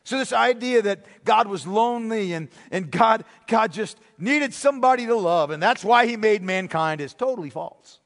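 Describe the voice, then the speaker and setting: A man preaches from the pulpit with a high-pitched voice, explaining each point and checking in with the listeners as he goes. His voice carries a long reverb from a large hall. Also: expressive, normal speed, hardly any pauses, a bit bright. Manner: explanatory preaching with frequent "okay?" check-ins. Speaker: pastor. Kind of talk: sermon.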